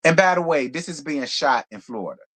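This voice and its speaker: A man hosting a live reality TV review in casual commentary, sassy and blunt, with profane, animated asides. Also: on the high side, brisk.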